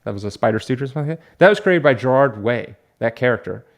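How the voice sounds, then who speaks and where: Brief: casual male vlogger, rambling storyteller, average pitch. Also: expressive, fast. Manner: chatty, rambling storyteller with frequent fillers and restarts. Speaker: comic book collector vlogger. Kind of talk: casual vlog chat.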